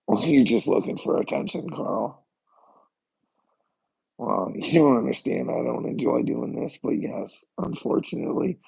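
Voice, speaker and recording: Very gravelly, husky man ranting. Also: medium pitch, warm tone, poor audio. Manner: profane, mocking, laughs between phrases. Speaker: livestreamer. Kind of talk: ranting solo livestream monologue.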